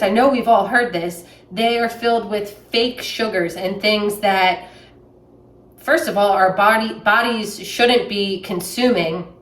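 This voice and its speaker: A young female vlogger with a Southern US accent chats plainly while making a sandwich in her kitchen, chatty and full of fillers. Her mid-range voice is a bit bright, and the room is echoey with the mic set at a distance.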